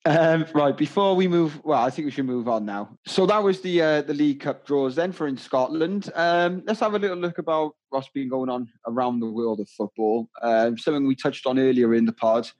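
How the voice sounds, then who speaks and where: Brief: male co-host, mid-pitched, chatty and ribbing, relaxed conversation. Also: normal speed, hardly any pauses, lo-fi sound. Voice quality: chatty, teasing. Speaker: podcast co-host. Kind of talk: casual chat.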